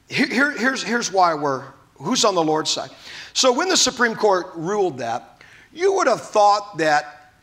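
A man preaches a fiery sermon at a church service, his voice pitched high and ringing bright. He presses each point hard and stumbles into repeated words when he gets worked up. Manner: fiery, emphatic preaching with sudden high bursts. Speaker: pastor.

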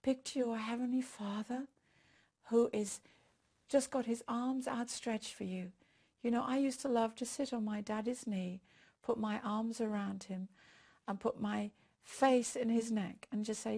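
A woman's voice: on the high side, steady tone, a little slow. An older woman giving a devotional sermon and leading a prayer in a storytelling manner. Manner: warm storytelling, leads prayer. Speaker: preacher.

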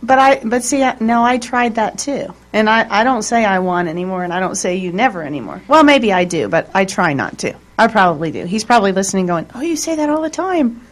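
Female co-host, mid pitch, chatty and self-teasing. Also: lively intonation, a little fast, few pauses. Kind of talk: casual chat.

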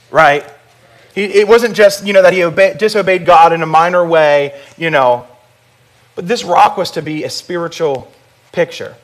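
A man's voice: sits high, a bit bright. Man preaching in a conversational sermon. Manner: conversational preaching with audience prompts. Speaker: pastor.

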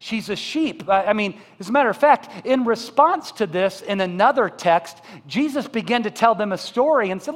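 A high-voiced male pastor delivers an expressive sermon in a church sanctuary, his words fading into long hall reverb. Alternating loud, emphatic build-ups with soft, slow pleas, he speaks directly to the congregation and often poses questions.

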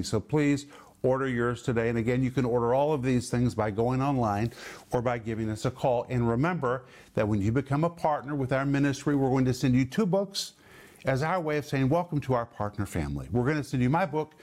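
A man hosting a televised Bible teaching, speaking earnestly and emphatically, slowing down to stress key phrases. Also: mid-range voice, a little mellow. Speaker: Bible teacher and TV ministry host.

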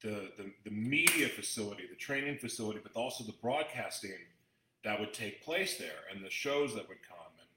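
A man's voice: on the low side, animated, fairly quick, pushed and bright, reverberant, low-quality recording. Chatty man telling a rambling story. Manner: rambling, emotional, chatty with frequent restarts. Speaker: host addressing an audience. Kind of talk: casual storytelling talk.

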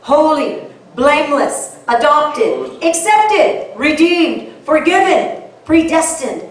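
A woman preaches in a high, ringing voice, repeating key words for emphasis. The sound is roomy and echoey, with the mic set well back from her. It carries like a recording from a church sanctuary. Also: takes it slowly. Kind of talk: sermon. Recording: echoey hall, mic far off.

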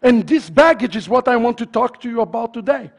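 A male pastor preaching a sermon to his congregation, swinging from loud fervent shouts to hushed, near-murmured lines. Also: very high voice, lively intonation, brisk. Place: congregation's sanctuary.

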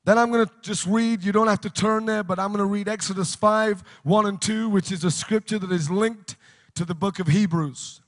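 A British man preaching a revival sermon, impassioned and shouting to a congregation in a large church hall. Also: high voice, fairly even intonation, normal speed. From United Kingdom. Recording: long reverb of a large hall.

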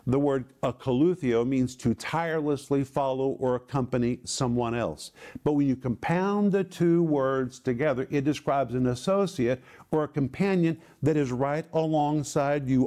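A man hosting a ministry broadcast, teaching the Bible in an emphatic way and slowing down to stress key words. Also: medium pitch, mellow.

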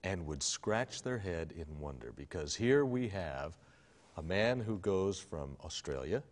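A man hosting a television interview and asking measured, rhetorical questions. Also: low voice, sing-song. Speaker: interview host.

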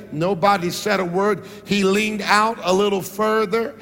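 A man's voice: sits high, steady tone, moderate pace, gravelly, hardly any pauses, a bit bright. A male pastor preaching a sermon to a congregation, calling for responses and stretching out words for emphasis. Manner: rises and draws out words for emphasis. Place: large church sanctuary. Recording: long reverb of a church hall.

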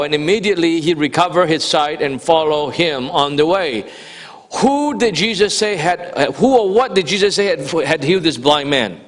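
A man preaching a sermon, animated and conversational, rising to shouts for emphasis and talking directly to the congregation. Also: a little high. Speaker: pastor. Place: church sanctuary. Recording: long reverb of a church hall.

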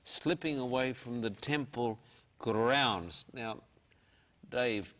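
A man in conversational Bible teaching, earnest, slowing down to read scripture aloud. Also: medium pitch, a bit bright. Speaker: guest preacher explaining the Bible.

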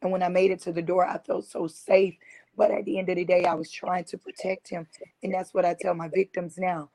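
A woman's voice: on the low side, level tone, brisk, gravelly, a little mellow, dry recording, rough recording. A woman, a domestic violence survivor and advocate, earnestly recounting her experience, often quoting what was said. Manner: earnest retelling, quoting others with "I said". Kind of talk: emotional personal testimony.

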